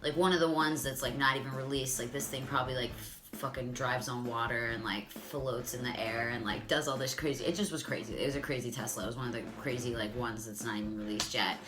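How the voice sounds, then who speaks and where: Low-voiced woman in her thirties, chatty vlogger. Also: steady tone, fast, hardly any pauses. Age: 30s. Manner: chatty, profane, full of "like". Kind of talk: casual storytelling to camera.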